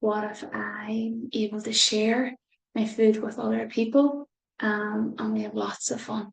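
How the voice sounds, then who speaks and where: A woman reads a storybook aloud to children, stopping gently to explain. Her voice is gravelly, fairly high and fairly flat, and she speaks slowly. The sound is echoey, as in a roomy space. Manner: gentle, pauses to explain and reflect. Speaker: children's mindset teacher. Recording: roomy echo.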